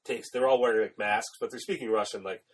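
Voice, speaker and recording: A man with a low, husky voice chats loosely on a podcast, recapping a film with plenty of swearing and quick bursts of laughter, half acting out each character's lines. He sits back from the mic, so he sounds a little far off. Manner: swearing, laughs often, acts out quotes. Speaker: podcast co-host. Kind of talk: casual chat retelling a film plot.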